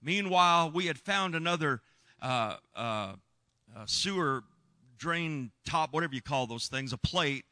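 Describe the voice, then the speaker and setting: Earnest preacher, bright voice. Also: male voice, a little high, lively intonation, unhurried, dry recording. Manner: earnest, emphatic, shouts when reliving moments. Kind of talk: sermon storytelling.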